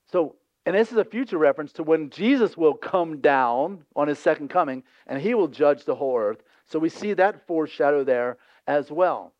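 Guy preaching, kinda high voice, dry dull lo-fi sound, chatty and lively. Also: normal speed, hardly any pauses, dry recording. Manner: lively, conversational, acts out voices in scripture scenes. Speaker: pastor. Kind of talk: sermon.

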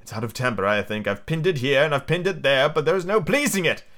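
A man's voice: a little high, expressive, a little fast, fairly bright tone. A man voicing the White Queen, a helpless, untidy, melancholy woman, as he reads a storybook aloud while drunk.

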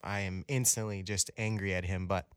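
A man's voice: deep voice, steady tone, moderate pace, clear, resonant tone, dry recording, studio quality. A man earnestly recounting an emotional experience in casual conversation, restarting his sentences often.

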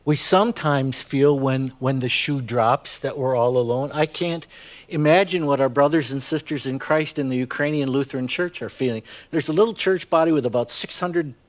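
A man's voice: medium pitch, moderate pace. A middle-aged man preaching a sermon as pastor, chatty and full of asides and "right?" tags.

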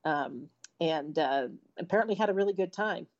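A woman co-hosting a casual talk show, reading news reports in a relaxed way, with fillers. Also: on the low side, moderate pace, muffled recording. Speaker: co-host.

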